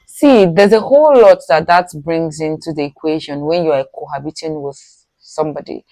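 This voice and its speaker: A woman's voice: deep voice, moderate pace, dark tone, dry recording. A woman with a Nigerian accent hosting a reaction video, exclaiming in disbelief and moralizing about what she hears. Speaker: reaction channel host. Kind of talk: reaction commentary.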